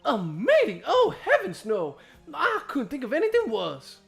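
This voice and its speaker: Guy doing a high swoopy diva lady warden, super pompous and sugary. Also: wildly swooping pitch, measured pace, gravelly, a bit bright, faint music behind, heavily acted. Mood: gushing. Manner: grand, sugary, pompous delivery with fake airs. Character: flamboyant affected woman prison warden, theatrical diva. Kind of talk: game voice-over dub.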